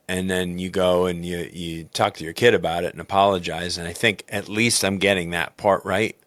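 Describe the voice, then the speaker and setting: Podcast host, man, low and booming voice, candid self-critical rambling, dry recording. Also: level tone, normal speed, no room sound. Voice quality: loud booming voice. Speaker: baseball coach and podcast host. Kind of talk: personal reflective podcast talk.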